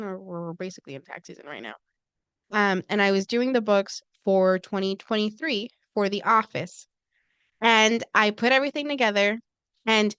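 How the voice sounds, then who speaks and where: A woman's voice: medium pitch, a bit bright, clear, resonant tone, dry recording. A woman co-hosting a podcast, telling a personal story in casual chat and acting out quoted lines. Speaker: co-host.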